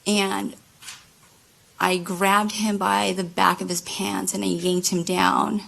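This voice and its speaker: A woman giving courtroom testimony as a witness, halting, with many fillers and restarts. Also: medium pitch, level tone, vocal fry, a bit bright, rough recording. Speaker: trial witness. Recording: courtroom microphone.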